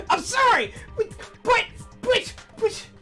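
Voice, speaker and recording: A woman's voice: extremely high pitch, sing-song, drawn-out words, pushed and bright, faint music behind. A woman hosting a game stream, ranting in casual chat, swearing freely and laughing between points. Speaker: streamer host.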